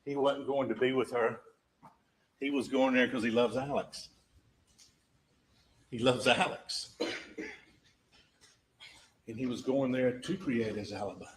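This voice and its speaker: A man's voice: medium pitch, steady tone, moderate pace, a little hiss or hum, low-quality recording. A man giving a closing argument as a prosecutor in a courtroom, emphatic and full of rhetorical questions that drive home each point.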